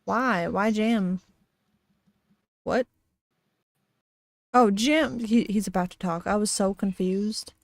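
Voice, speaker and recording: A woman's voice: mid-range voice, takes it slowly, pauses often, no echo. A woman streamer casually reading a horror story aloud, giggly, with frequent laughs and dry asides.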